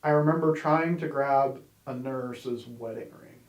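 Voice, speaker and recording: A man's voice: mid-range voice, a little slow, dull audio. Candid man telling his testimony, roomy echo. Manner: candid, conversational, wry humor, many "you know"s. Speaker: church member sharing his testimony. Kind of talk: personal testimony storytelling.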